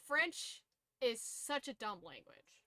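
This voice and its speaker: Woman streamer, blunt casual chatter with a hoarse throat; pitched a bit high, bright tone. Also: sing-song, slow, no echo. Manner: blunt, swears freely, laughs often.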